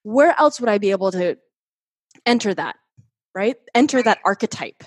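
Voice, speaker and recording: A woman's voice: mid-range voice, expressive, moderate pace, dry recording, studio quality. A woman guest on a podcast, talking in a chatty, enthusiastic way with many filler words. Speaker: podcast guest and host of her own show. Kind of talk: casual podcast conversation.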